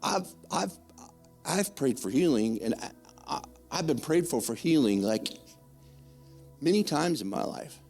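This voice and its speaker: An older man giving a spoken testimony in church, rambling and excitable, with many restarts. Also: on the high side, measured pace, vocal fry, long pauses, faint music behind.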